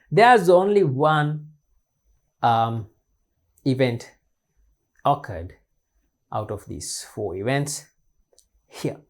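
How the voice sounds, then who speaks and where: A man's voice: medium pitch, lively intonation, very slow, long pauses. Repetitive Sri male teacher. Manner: repetitive, asks and answers his own questions. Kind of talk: recorded exam-paper lesson.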